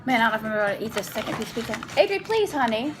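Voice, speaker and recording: A young mother hosts an eating vlog at her family's table, her higher voice swinging widely in pitch as she talks rapid-fire over background noise. Between bites, and sometimes with food in her mouth, she rambles casually through a long story.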